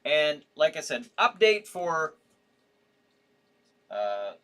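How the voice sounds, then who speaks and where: Tired guy chatting on his horror stream, lively pitch, keeps restarting himself. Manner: rambling, halting, with frequent restarts and yawns. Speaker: host of a horror livestream. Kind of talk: casual live-stream chat reading viewer comments.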